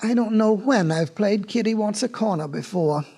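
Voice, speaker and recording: A man's voice: high voice, normal speed, vocal fry, warm tone, breathy edge, heavily acted. A man voicing a tired, friendly old male goat in a storybook record. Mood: weary. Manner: weary, chummy.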